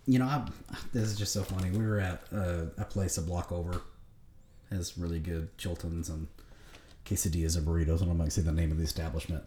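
A man in his thirties hosting a casual chat, telling stories in a profane, animated way. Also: low voice, fast, roomy sound, a little hiss or hum. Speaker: podcast host.

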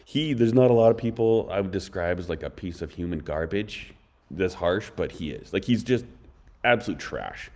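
Casual male host, low and mellow, rambles through opinionated anecdotes. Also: lively intonation, normal speed. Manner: rambling, blunt, opinionated, fond of mocking impressions. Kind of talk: casual storytelling chat.

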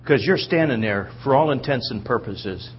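Animated man preaching a sermon. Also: mid-range voice, normal speed, lo-fi sound, slight background noise. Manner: animated storytelling, acts out quotes, checks in with listeners.

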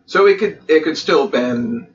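A man's voice: fairly high pitch, lively intonation, measured pace. A man co-hosting a podcast, talking bluntly and swearing in casual chat, with distant dull lo-fi sound.

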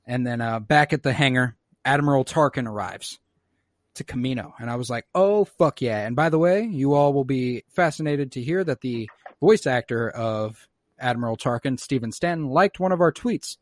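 A man casually recapping a show episode, acting out the characters' lines in quick little voices and swearing freely. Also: medium pitch, no room sound, clean studio sound. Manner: animated storyteller who acts out characters' lines, swears freely. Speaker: podcast co-host recapping a show. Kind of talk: casual chat.

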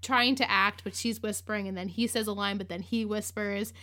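Chatty woman host of a recap podcast, animated and quick to laugh, bright tone at a medium pitch. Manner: chatty, lots of "like", acts out quotes, laughs. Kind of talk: casual recap chat.

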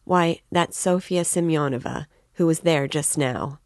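A woman's voice: low-pitched, a little slow, no echo, studio quality. A woman reading the part of an anxious, talkative middle-aged mother in a novel. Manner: worried, talkative.

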